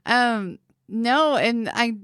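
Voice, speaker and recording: A woman's voice: on the high side, expressive, very slow, fairly bright tone, clear, resonant tone, no room sound, studio quality. A woman around thirty co-hosting a podcast in casual chat, laughing often and swearing freely. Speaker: podcast co-host.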